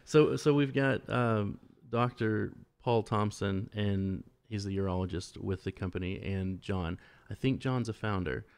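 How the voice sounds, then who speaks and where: A man's voice: fairly low pitch, unhurried, vocal fry, hardly any pauses, darkish tone, smooth. A man hosting a casual podcast, talking frankly and joking loosely. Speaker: podcast host.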